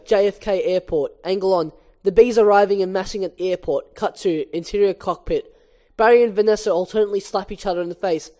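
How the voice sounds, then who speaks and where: Woman briskly reading stage directions. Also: medium pitch, dark tone. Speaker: reader. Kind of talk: reading a screenplay aloud.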